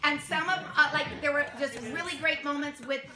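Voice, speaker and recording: A woman directing a youth theater show, talking casually to her cast with warm praise, much laughter and many fillers. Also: sits high, fairly even intonation, a little fast, crowd noise. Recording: echoey room, noisy.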